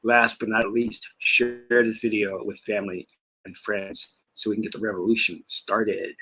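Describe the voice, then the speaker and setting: A man with a husky, slightly breathy voice that sits a little low. He hosts his own channel and chats in a loose, rambling way, breaking into laughs, with food in his mouth now and then. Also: flat delivery, moderate pace, sharp tone. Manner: rambling, chatty, laughs while talking. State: talking while eating. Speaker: spiritual teacher and channel host. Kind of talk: casual vlog chat.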